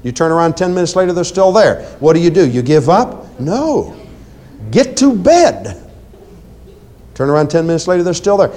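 A man with a fairly high, expressive voice preaches quickly, with few pauses, on deliverance ministry. Emphatic and commanding, he repeats phrases, speaks right to the congregation, and moves between loud commands and hushed asides.

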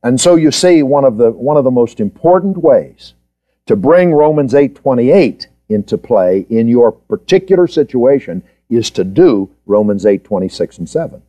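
Guy teaching a bible class, voice swoops up and down a lot, mellow tone, keeps asking the students questions. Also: mid-range voice, expressive, moderate pace. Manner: questioning the class, repeating points for emphasis. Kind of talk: Bible study lecture.

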